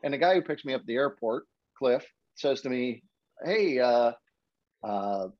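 Casting: man, broadcaster guest, lively storyteller, mid-pitched, dull dry podcast sound. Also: normal speed, no echo. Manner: animated storyteller, acts out quotes with high voice jumps. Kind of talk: casual storytelling chat.

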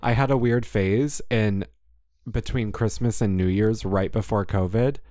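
A man's voice: lowish voice, fairly even intonation, unhurried, mellow, dry recording, studio quality. A man co-hosting a podcast in loose, rambling, joking chat, a little tipsy. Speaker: podcast co-host. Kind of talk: casual comedic chat.

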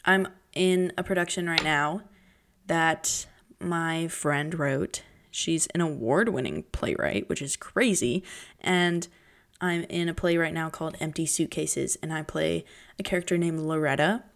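A young woman hosting her own podcast in casual chat, chatty and dramatic, jumping between pitches and whispers. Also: measured pace. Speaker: podcast host.

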